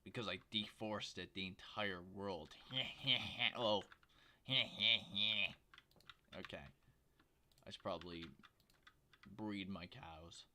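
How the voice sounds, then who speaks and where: A man with a fairly low voice streams a game from home, rambling and joking with his viewers. His quiet desk microphone picks up faint hiss and the clicks of his keyboard. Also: fairly even intonation, measured pace, long pauses. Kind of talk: casual livestream commentary while gaming.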